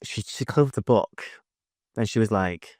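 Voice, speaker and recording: A man with a lowish voice talks as a podcast guest, recounting a memory with earnest hesitations. The recording is dry and close, with no room sound. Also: measured pace, darkish tone, dry recording. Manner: earnest storytelling, hesitant, with fillers. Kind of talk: casual interview chat.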